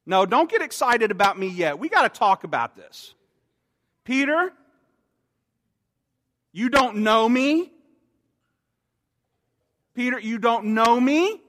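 A man's voice: very high voice, sing-song, takes it slowly, long pauses, fairly bright tone, big-room sound, pitched above the performer's own voice, full character voice. A preacher acting out a stern, scolding man. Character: stern exasperated man scolding his followers.

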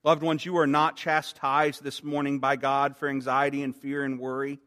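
A man preaching a sermon in an earnest way, growing soft and slow on quoted words. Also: mid-range voice, flat delivery, long reverb tail. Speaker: pastor.

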